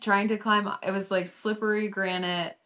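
Woman guest on a podcast, bright sharp voice, lively, jumping in. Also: medium pitch, normal speed. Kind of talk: casual chat.

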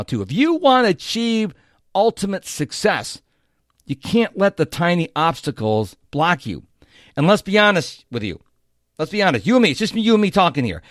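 A man's voice: a little high, no room sound, studio quality. A middle-aged man hosting a motivational podcast, talking straight to the listener with emphatic, repeated phrases. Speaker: podcast host.

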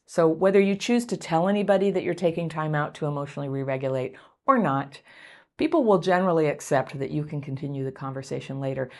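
Gentle, encouraging woman with a low voice. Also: animated, fast talker. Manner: conversational, laughs lightly between points. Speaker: self-help coach. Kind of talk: advice talk to camera.

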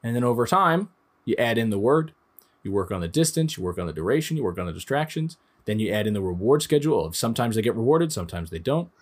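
A man's voice: mid-range voice, sing-song, fast talker. A man in his thirties, a dog trainer giving an instructional talk in a conversational way, explaining through everyday examples.

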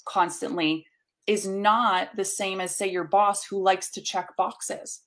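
A woman's voice: medium pitch, fairly even intonation, slow, a bit bright. Upbeat woman coach talking emphatically. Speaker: guest, coach. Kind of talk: conversational interview.

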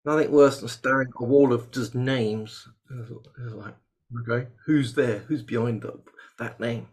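A man's voice: medium pitch, measured pace. Chatty man hosting a video call. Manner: chatty, jokey, lively bursts of excitement. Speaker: host. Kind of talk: casual webinar chat.

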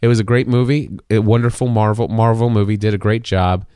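A man's voice: lowish voice, flat delivery, brisk, warm tone, smooth, no echo, studio quality. A man hosting a podcast, talking casually in a rambling way with many restarts. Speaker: podcast host. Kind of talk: casual chat.

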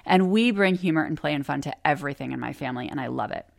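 A woman's voice: sits low, animated, fast talker, gravelly. A woman in her forties hosting a podcast, telling a personal family story in a candid, casual way, swearing freely and laughing often. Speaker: podcast host.

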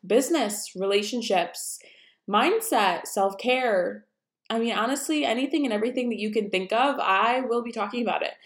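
A woman's voice: on the high side, reverberant. A young woman hosting her own unedited podcast, chatting casually and rambling, with lots of "um" and "like", recorded at home. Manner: chatty, rambling, says um and like often. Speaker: podcast host. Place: room at home, busy road outside.

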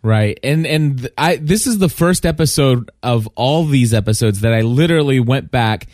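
A man's voice: mid-range voice, lively intonation, moderate pace, a little mellow, dry recording, studio quality. A man from Kentucky hosting a podcast, talking earnestly and emotionally with lots of restarts. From Kentucky, USA. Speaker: podcast host. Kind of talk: casual podcast chat.

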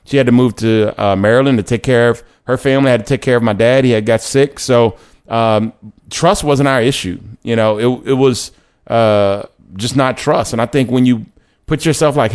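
A man's voice: medium pitch, moderate pace, a little mellow, clear, resonant tone. A young man hosting a casual talk about dating and faith, chatty and joking, often correcting himself mid-sentence and acting out quotes. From Louisiana, United States. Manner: chatty and self-correcting, jokes and acts out quotes. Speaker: host.

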